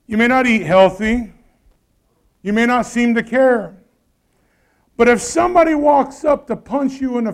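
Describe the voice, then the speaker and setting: High-voiced man preaching a sermon. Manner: conversational preaching, asks the congregation questions. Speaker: pastor.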